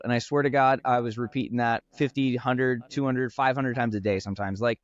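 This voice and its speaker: Steady in tone and medium in pitch, this man teaches golf and runs his own brand. He chats sincerely and rapidly in a relaxed podcast setting, with frequent fillers, on audio that lacks the high end.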